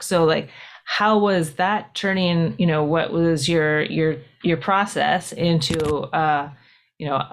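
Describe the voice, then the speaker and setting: A woman hosts an interview, listening closely and answering with soft murmurs of agreement. Her questions come out hesitantly, with repeated words and restarts, in a somewhat low voice. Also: steady tone, a little slow. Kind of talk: conversational interview.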